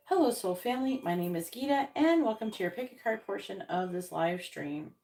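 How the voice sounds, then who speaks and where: A woman's voice: medium pitch, expressive, brisk, gravelly, a little mellow. A tired woman hosting a tarot live stream, chatting casually and rambling, with many ums and self-corrections.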